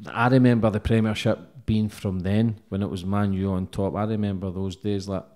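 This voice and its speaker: A man's voice: on the low side, flat delivery, moderate pace, dark tone. A man hosting a podcast, asking questions casually and swearing freely. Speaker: podcast host.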